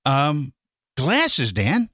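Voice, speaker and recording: A man co-hosting a commentary show, giving playful, deadpan answers in banter. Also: a little high, extremely slow. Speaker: co-host.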